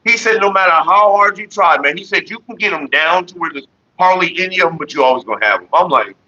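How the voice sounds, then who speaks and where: Man, livestream host, husky bright voice, profane animated storytelling, lo-fi home stream audio. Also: sits high, quick pace. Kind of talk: casual profane storytelling to viewers.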